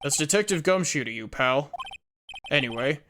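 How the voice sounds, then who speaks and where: A woman voicing a blunt, gruff male police detective who keeps calling people pal, over game music. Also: deep voice, expressive, normal speed, background noise.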